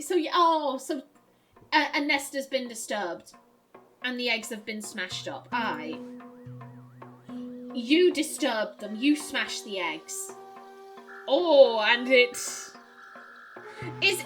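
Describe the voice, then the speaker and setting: A high-pitched woman commenting on a puzzle game, reading clues aloud and thinking things through as she goes. She laughs easily between her musings. Faint game music runs quietly underneath. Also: sing-song, slow pace, pauses often. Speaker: let's play host.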